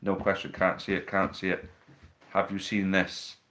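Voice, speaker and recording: Male host, slightly low voice, casual banter with viewers, phone mic at home. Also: completely flat delivery, moderate pace, fairly bright tone, a little hiss or hum. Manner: chatty, reads out viewer questions, teasing banter. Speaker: live stream host. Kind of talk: casual live stream chat. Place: living room at home. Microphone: phone on a tripod.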